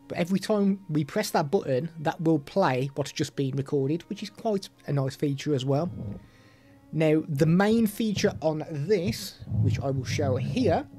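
A man's voice: a little high, mellow, slightly rough. A man streaming live while demoing audio gadgets, chatty with self-deprecating asides, into a studio microphone. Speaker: streamer reviewing products.

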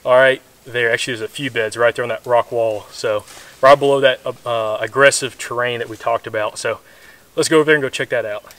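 A man hosting a hunting channel, talking excitedly and rambling through a field scouting walkthrough outdoors on a wooded bluff. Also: mid-range voice, brisk. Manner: excited, rambling, repeats words.

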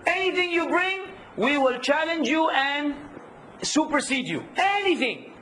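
A man teaching a workshop, lively, quizzing his audience and acting out hecklers. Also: very high-pitched, a little slow, a little hiss or hum, low-quality recording. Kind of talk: workshop lecture.

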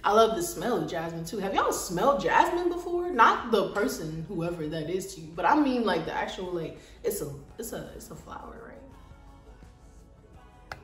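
A woman's voice: mid-range voice, unhurried, distant mic. Chatty woman vlogging in an echoey room. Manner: animated, slangy, talks to viewers directly. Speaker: mom vlogger. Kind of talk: casual chatty vlog. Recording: echoey room, voice a bit off-mic, light music.

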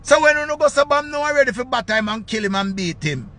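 A Jamaican man giving loud, excitable commentary on his channel, often repeating his phrases. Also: very high voice, fairly quick. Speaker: vlogger. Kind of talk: casual commentary.

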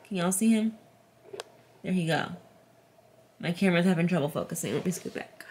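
A woman's voice: fairly low pitch, brisk, pauses often. Young female vlogger, casual and chatty, echoey home room. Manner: chatty, coaxing softly with her dog. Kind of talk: casual chat to camera.

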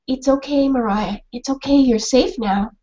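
A woman's voice: sits high, normal speed, mellow. Woman as caring teacher, soothing, lo-fi call. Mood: concerned.

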